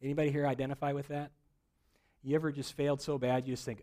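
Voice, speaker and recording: Male pastor, mid-pitched, storytelling sermon with acted dialogue, dynamic delivery. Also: fairly even intonation, fast talker, long pauses, warm tone. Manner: storytelling preacher, acts out dialogue, rising and falling intensity.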